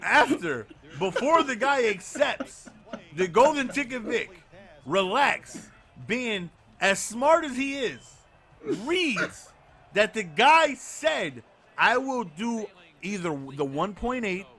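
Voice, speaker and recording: A man with a high, bright, forceful voice tells a story in a casual podcast chat. He is excitable and sarcastic, and he acts out the voices of the people he quotes. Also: takes it slowly. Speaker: podcast co-host.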